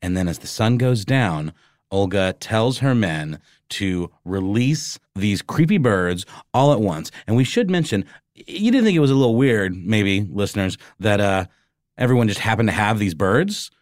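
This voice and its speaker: Male co-host, low voice, casual wry storytelling, dry close mic. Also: animated, moderate pace, no room sound. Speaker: podcast co-host. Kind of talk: casual history chat.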